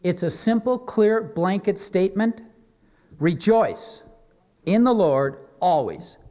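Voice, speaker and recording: A man delivers a sermon in a somewhat high voice, earnest and measured, leaning into slow, emphatic readings of scripture. His voice rings out with a long reverb, recorded in a church sanctuary. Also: very animated, warm tone. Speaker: pastor.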